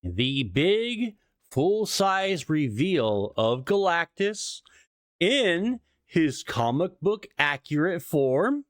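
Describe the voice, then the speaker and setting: A man's voice: on the high side, sing-song, drawn-out words, no echo, clean studio sound. A man co-hosting a podcast in casual chat, rambling and stammering with lots of swearing. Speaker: podcast co-host.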